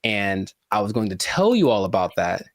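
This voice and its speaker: A man's voice: fairly low pitch, sing-song, moderate pace, very noisy. Playful theatrical man co-hosting a podcast. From California. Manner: playful and theatrical, repeats words and mock-dramatic asides. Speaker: podcast co-host. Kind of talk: casual podcast chat.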